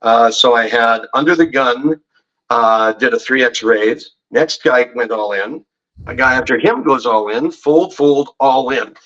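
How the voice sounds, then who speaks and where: A poker pro and betting expert guesting on a podcast tells rambling, jokey stories and teases the hosts in casual storytelling. His medium-pitched voice is fairly bright and measured in pace, though the audio sounds dull.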